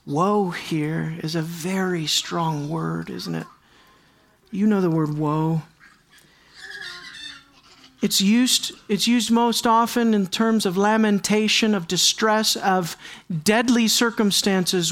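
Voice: medium pitch, slow, fairly bright tone. A pastor preaching a sermon to a congregation, addressing them directly and repeating key words for stress.

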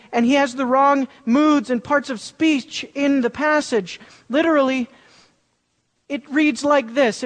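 A preacher delivers an animated sermon, repeating words for emphasis. The voice sits at a middling pitch. A long reverb from a large hall hangs on every phrase.

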